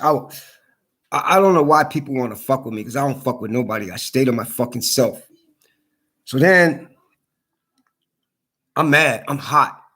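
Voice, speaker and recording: A man's voice: mid-range voice, husky. A man in an angry, heated rant to camera, swearing a lot and repeating himself. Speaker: vlogger.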